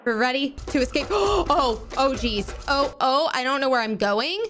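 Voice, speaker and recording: A woman hosting a Minecraft video with excited, playful commentary, gasping and shrieking often. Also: high-pitched, a little slow, noisy background. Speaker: gaming YouTuber host.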